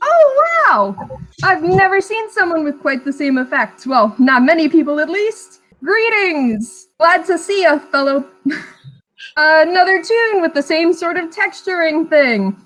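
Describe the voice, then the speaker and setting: A chirpy cartoon ringmaster, a small and cheerful showman who gushes over everyone he meets, with a woman acting him out. His voice sits very high and bounces through his theatrical patter. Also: sing-song, a little slow, a bit bright, exaggerated voice, rough recording. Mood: gushing.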